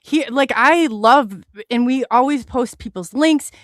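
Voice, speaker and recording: A woman's voice: high voice, no room sound, clean studio sound. A woman hosting a podcast, chatting casually and readily affirming her guest. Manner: warm, agreeable, quick to affirm. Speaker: podcast host. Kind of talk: casual chat.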